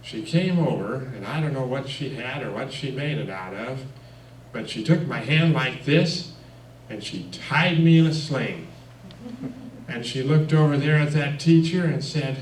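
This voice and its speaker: A man telling lively personal anecdotes at a church, with chuckles and fillers. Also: medium pitch, measured pace, a little hiss or hum. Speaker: guest speaker. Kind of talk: personal storytelling talk. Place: church hall. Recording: echoey room, mic far off.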